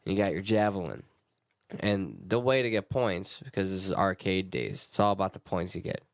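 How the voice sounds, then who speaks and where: Low gravelly man, casual podcast. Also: moderate pace, slight background noise. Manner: explains with fillers and restarts, crude jokes. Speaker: podcast co-host.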